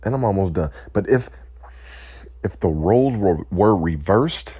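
A man giving an impassioned, emotional speech, weary and close to tears, pausing to collect himself. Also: sits low, expressive, mellow, slightly rough, no echo. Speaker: speaker addressing listeners.

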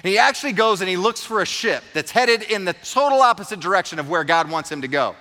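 A man's voice: sits high, expressive, fast, bright, forceful tone, big-room sound. A man preaching a sermon, retelling a story with earnest, emphatic repetition. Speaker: pastor.

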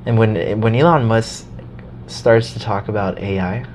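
Animated swearing man chatting casually. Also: on the low side, unhurried, a little hiss or hum. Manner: animated, swearing, laughing storyteller. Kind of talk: casual chat.

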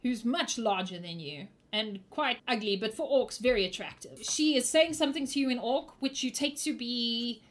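A woman's voice: a little high, lively intonation, normal speed, hardly any pauses. A young woman narrating as game master of a tabletop game, playful and teasing.

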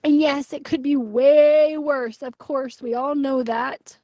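A woman's voice: high voice, fairly even intonation, slow pace, dark tone, no echo, lo-fi sound. A young woman venting her frustration in a personal video diary, emotional and full of fillers. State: pregnant. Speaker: vlogger.

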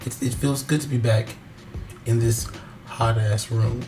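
A man's voice: mid-range voice, steady tone, unhurried, over music. A young man co-hosting a podcast in casual banter, rambling with restarts. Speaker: podcast co-host.

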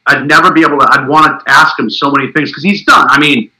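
A man's voice: on the high side, fast, sharp tone, roomy sound, rough recording. A man hosting a casual chat, rambling as an enthusiastic fan of his guests' films. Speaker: host.

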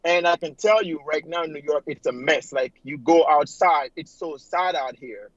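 A man's voice: on the high side, normal speed, no echo. A man from Africa calling in to a talk show, speaking earnestly and rambling with many fillers. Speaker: caller. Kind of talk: call-in talk show caller. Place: home in New York City. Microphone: phone line. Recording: dull lo-fi phone call audio.

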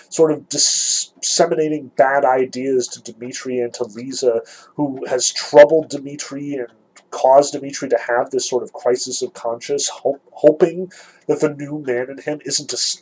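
Husky-voiced man giving a literature lecture. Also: medium pitch, darkish tone, rough recording. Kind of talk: lecture with dramatic read-aloud passages.

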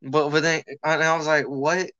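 A man's voice: fairly high pitch, normal speed, no room sound, muffled recording. A young man chatting casually, swearing freely and telling a story while acting out the people in it. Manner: animated, swearing, acts out quoted people.

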